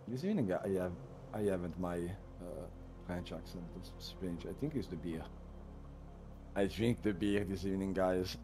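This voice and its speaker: A man's voice: deep voice, dark tone. A man with an Italian accent, whose first language is Italian, commenting live on flight-sim landings as a stream co-host and cheering in loose, broken English. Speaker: livestream co-host. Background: music.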